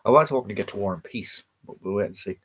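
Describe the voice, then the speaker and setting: A man with an Irish accent sits with a fairly low voice, hosting a relaxed live stream for viewers. He rambles along easily, dropping in ums and starting sentences over as he goes. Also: fast, breathy edge. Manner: rambling, easygoing, many fillers and restarts. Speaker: livestream host.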